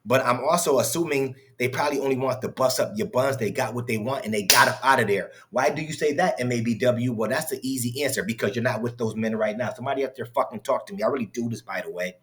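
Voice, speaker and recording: A man's voice: mid-range voice, quick pace, few pauses, fairly bright tone, slight background noise. A man hosting a reaction commentary, mocking and incredulous, heated and profane as he talks back to a clip. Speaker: commentary host reacting to clips.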